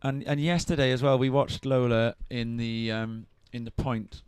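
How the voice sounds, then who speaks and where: A man doing live surf contest commentary, chatty and quick to react, often turning questions to his co-host. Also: mid-range voice, fairly even intonation, clear, resonant tone, no echo.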